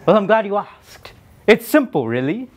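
A man's voice: high-pitched, background noise. A man playing a grandiose theme-park founder presenting his dinosaurs in a live comedy sketch. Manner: showman presenter, slow and lively.

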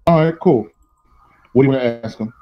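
A man running an online tabletop game as game master, making relaxed, joking rulings. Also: mid-range voice, brisk, muffled recording.

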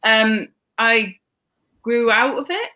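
A woman's voice: fairly high pitch, lively intonation, slow, pushed and bright. A woman co-hosting a casual live chat, throwing in dry, teasing quips. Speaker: co-host.

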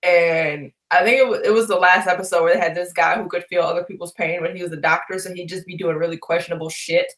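A woman's voice: on the low side, fast talker, hardly any pauses, low-quality recording. A woman hosting a book club chat, ranting loosely and swearing often. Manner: ranting, profane, animated storytelling. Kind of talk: casual chat.

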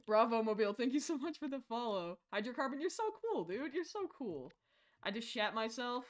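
A woman with a rather high, very lively voice streams a horror game live. She is excitable, shrieking at scares and joking with her viewers in between. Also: brisk, soft background music.

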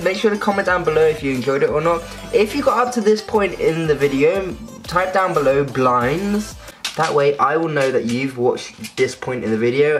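A man hosting his own vlog, chatting upbeat and directly to his viewers. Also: on the high side. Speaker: vlogger host. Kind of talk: casual vlog chat to camera.

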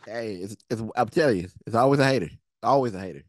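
A man's voice: on the low side, lively intonation, quick pace, background noise. A man giving casual, slangy commentary while reacting to a movie, laughing often.

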